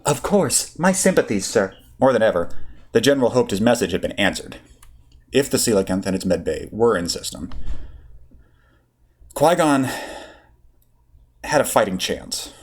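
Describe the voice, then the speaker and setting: A man narrating a fan fiction story aloud with a steady, expressive read. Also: fairly low pitch, moderate pace, pauses often, husky. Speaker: audiobook reader.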